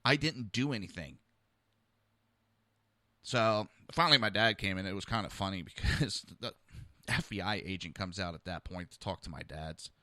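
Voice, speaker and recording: A man's voice: low voice, fairly quick, pushed and bright, no room sound. A man hosting a podcast, telling a personal story in a heated, rambling, blunt way. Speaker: podcast host.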